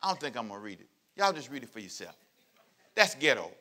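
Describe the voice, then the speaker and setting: A man's voice: mid-range voice, very animated, quick pace, pushed and bright, a little hiss or hum. A male pastor preaching a sermon, joking with the congregation and acting out scenes as he goes. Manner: playful, joking preacher who acts out scenes; calls out to the congregation.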